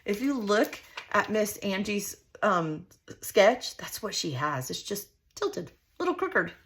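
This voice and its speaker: A woman's voice: mid-range voice, animated, takes it slowly. Chatty homey woman host. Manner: chatty and homey, talks to viewers directly. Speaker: scrapbooking channel host. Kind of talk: casual crafting tutorial chat. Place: home craft desk.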